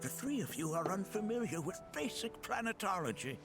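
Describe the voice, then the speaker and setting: An actor playing a wise, dry-humored old male scholar in a video game, speaking in a measured, gently mocking way. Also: high voice, very animated, gravelly, full character voice. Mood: wry. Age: older. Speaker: game character. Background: game music.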